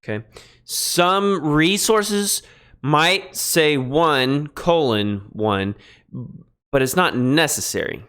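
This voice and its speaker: A man streaming a Greek translation lesson, thinking aloud in a halting way and pausing while he writes notes. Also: fairly high pitch, lively intonation, fairly bright tone, clean tone. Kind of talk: relaxed live-stream teaching.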